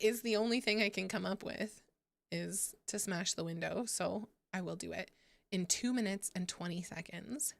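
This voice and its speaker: A woman's voice: mid-range voice, normal speed, gravelly, no echo. A young woman hosting a gaming livestream, chatting casually with viewers, giggling and swearing freely. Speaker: livestream host. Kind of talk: casual gaming stream chat.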